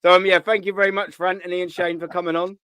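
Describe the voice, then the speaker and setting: A man's voice: high voice, flat delivery, racing, sharp tone, clean tone, no room sound, studio quality. A man with a London accent hosting a casual live football chat, swearing freely and laughing a lot. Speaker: host.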